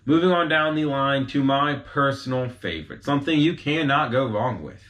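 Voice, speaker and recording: A man talking casually to his viewers in a mid-pitched voice. He explains things in a loose, chatty way and keeps turning to the audience with quick asides. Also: expressive, a bit bright. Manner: chatty, informal, talks straight to viewers with asides. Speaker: host explaining whiskey types.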